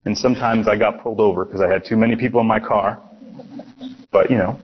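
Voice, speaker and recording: A man's voice: on the low side, steady tone, fast talker, breathy edge, muffled recording. A man from Miami preaching a sermon, telling personal stories in a casual, conversational way with frequent restarts. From Miami, USA.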